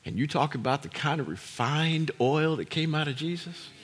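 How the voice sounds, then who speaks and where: Husky high-voiced preacher, hushed to shouting. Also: male voice, moderate pace. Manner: swings from hushed to shouting, repeats words for emphasis. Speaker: pastor. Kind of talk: sermon.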